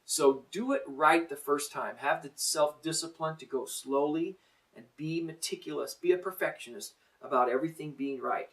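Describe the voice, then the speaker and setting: A man's voice: a little high, moderate pace, a bit bright, distant mic, poor audio. A middle-aged man teaching a drum lesson, counting in and coaching in a plain-spoken, encouraging way.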